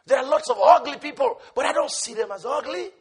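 A man preaching a sermon, impassioned and repetitive, swinging between shouting and hushed tones. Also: very high voice, expressive, fast talker, breathy edge.

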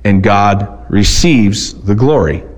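A man preaching a sermon, reading scripture aloud slowly and then explaining it in plain, conversational talk with some restarts. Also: on the low side.

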